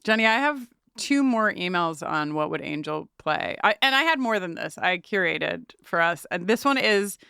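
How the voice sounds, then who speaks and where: A woman co-hosting a podcast chats and reads listener emails, her pitch swinging widely as she jokes and laughs. Her voice is smooth and clear, recorded close and dry with no room sound. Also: normal speed, hardly any pauses, no room sound. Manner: animated, laughing often, playful asides. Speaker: podcast co-host. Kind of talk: casual podcast chat, reading listener emails.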